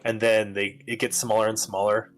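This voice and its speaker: A man's voice: fairly low pitch, level tone, moderate pace, faint music behind. A man narrating as game master, casual and rambling with lots of fillers.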